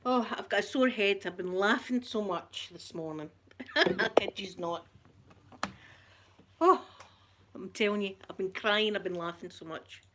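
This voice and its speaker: A woman's voice: mid-range voice, a little slow, long pauses, background noise. A Scottish woman chatting casually on a live stream, greeting viewers by name and telling a story with giggles. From Scotland. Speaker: vlogger.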